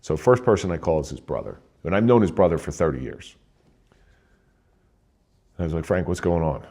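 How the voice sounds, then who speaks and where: A man's voice: low voice, animated, brisk, dark tone, husky. An older man from New Jersey, a retired police officer, telling a somber personal story in a plain-spoken way.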